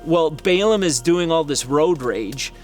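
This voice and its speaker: A middle-aged man preaching to a congregation, animated and full of expression. He acts out the people in his story by pushing his voice higher. His voice sits a little high, and faint music plays behind him. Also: measured pace. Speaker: pastor. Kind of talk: sermon storytelling.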